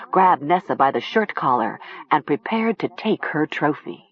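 An audiobook narrator reading a horror story with slow, expressive storytelling. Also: mid-range voice, breathy edge, dull audio.

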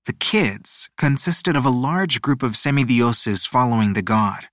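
Male audiobook narrator with a mid-pitched voice, measured and expressive, recorded dry. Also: no room sound. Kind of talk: scripted storybook narration.

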